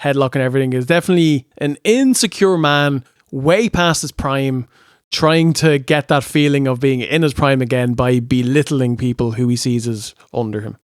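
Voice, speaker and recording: A man co-hosting a casual review chat, sweary and quick to laugh. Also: medium pitch, clean tone, no echo, studio quality. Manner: chatty, sweary, laughing, mimics people. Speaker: podcast co-host.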